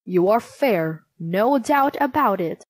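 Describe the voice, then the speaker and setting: A woman's voice: mid-range voice, lively intonation, slow pace, no room sound. Woman doing a chatty, blunt magic mirror. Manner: chatty, matter-of-fact.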